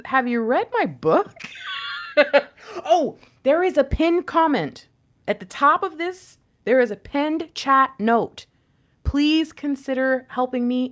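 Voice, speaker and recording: A woman reads tarot cards in a casual, chatty way. Her pitch swings widely as she talks, and she slips into slangy, joking asides and frequent laughter. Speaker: tarot reader.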